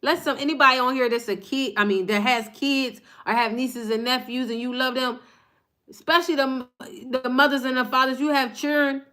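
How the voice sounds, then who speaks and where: Live-streaming from her home table on her phone, a woman delivers a fired-up, passionate spiritual card reading, repeating lines for emphasis. Her voice is high-pitched and bright with a steady tone, pushed along at a moderate pace. It's a motivational reading.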